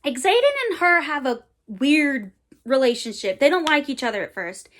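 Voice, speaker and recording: A woman's voice: sits high, sing-song, normal speed, a bit bright. A woman in her twenties chatting casually about books she loves, rambling a little, with fillers and playful slang. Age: 20s. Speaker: book vlogger. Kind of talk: casual book recommendation chat.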